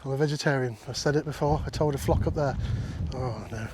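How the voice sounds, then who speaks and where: Very fast and a little high, this man's voice barely moves in pitch. He's a walking vlogger crossing countryside fields and paths, casually chatting and joking with viewers and the sheep he meets, with faint wind outdoors.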